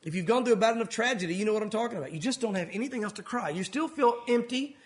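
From the pulpit, a pastor with a high-pitched voice preaches earnestly, now and then taking on the voices of people in his story. His intonation is lively and he races along.

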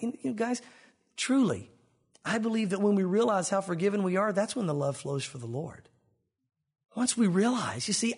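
A man preaching with a high voice for a man, earnest and emphatic. He is middle-aged and pushes harder on the lines he quotes from the text. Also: breathy edge. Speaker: pastor. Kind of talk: sermon.

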